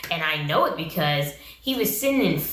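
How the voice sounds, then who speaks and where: A woman's voice: deep voice, very animated, normal speed, fairly bright tone, voice pushed down. A woman voicing a smitten middle-aged woman who gushes dreamily about a new love. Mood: gushing. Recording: roomy echo.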